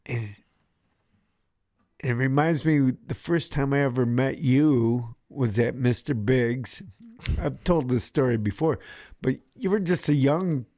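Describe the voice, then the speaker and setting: Profane, laughing radio host. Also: male voice, medium pitch, slow, warm tone. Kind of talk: casual chat.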